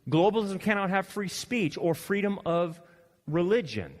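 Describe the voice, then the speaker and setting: A male pastor preaching a sermon, animated and swinging between loud emphasis and quiet asides. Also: sits high, normal speed, in a large hall. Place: church hall.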